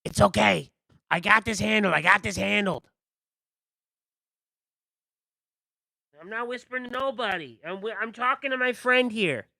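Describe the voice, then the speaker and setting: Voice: mid-range voice, brisk, vocal fry, sharp tone, no echo, pitched above the performer's own voice. A game master voicing a cheeky, pushy male candy vendor with a pumpkin for a head, talking in a brash, streetwise way. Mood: chatty.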